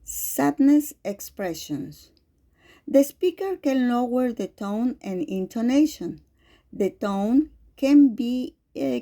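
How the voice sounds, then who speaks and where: A woman whose first language is Spanish, reading a lecture with spoken examples in a slow, careful way. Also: a little high, dark tone. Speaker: teacher.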